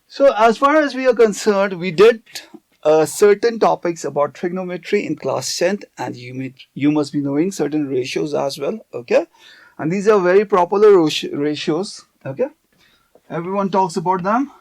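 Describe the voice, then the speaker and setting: A man's voice: high-pitched, animated, normal speed. A man teaching a math lesson on video, explaining step by step and often checking in with "okay".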